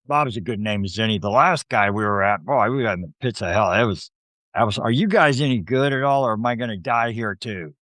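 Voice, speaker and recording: A man voicing a heavy-set male imp with a gruff, put-upon attitude. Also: lowish voice, animated, brisk, a bit bright, no room sound. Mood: grumbling.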